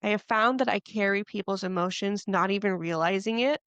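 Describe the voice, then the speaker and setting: A woman hosting a podcast, talking in a relaxed, chatty way and agreeing often with her guest. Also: mid-range voice, fairly quick, clear, resonant tone, no room sound. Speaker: podcast host. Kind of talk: casual chat.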